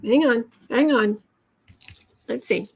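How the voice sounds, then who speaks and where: A woman hosting a live tarot reading, musing aloud over the cards and answering chat in halting, drawn-out phrases. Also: fairly high pitch, husky. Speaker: tarot reader and channel host.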